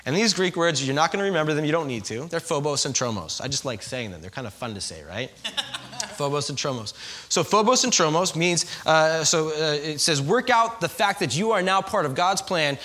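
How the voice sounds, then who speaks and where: A man preaching a sermon to his congregation in a conversational, animated way, with frequent asides to the listeners. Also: a little high, normal speed. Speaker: pastor.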